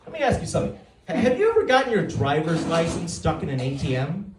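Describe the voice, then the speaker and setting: A man's voice: a little high, sing-song, quick pace. A man in his forties doing a stand-up set, telling stories about his family and acting out the other people's lines. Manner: dry, storytelling delivery with acted-out quotes. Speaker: stand-up comedian. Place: comedy stage before a live audience. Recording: roomy stage sound from a distance. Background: audience laughter.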